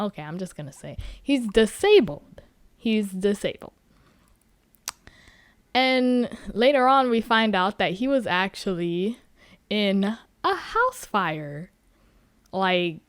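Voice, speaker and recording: A podcast host with a fairly high voice recaps a book in a casual, joking, animated way, swearing freely. There is no room sound on the recording.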